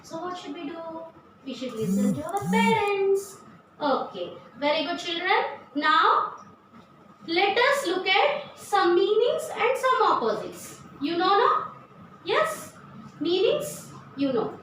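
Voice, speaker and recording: Woman, school teacher, very high bright voice, echoey room from off the mic. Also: big pitch swings, distant mic, slight background noise. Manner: slow, spells words letter by letter, asks and answers own questions. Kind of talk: classroom lesson for young children.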